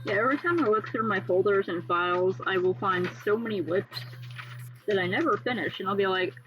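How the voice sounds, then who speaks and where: A woman's voice: mid-range voice, a little fast, distant mic, lo-fi sound, background noise. A woman streamer chatting casually with her viewers while she works on art, reacting aloud and swearing now and then.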